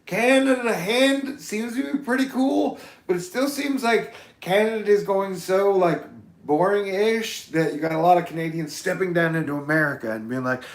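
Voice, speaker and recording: A man vlogging in a loose, meandering monologue, cursing freely and swinging from mumbles to shouts. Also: high-pitched, moderate pace, reverberant. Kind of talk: rambling casual monologue.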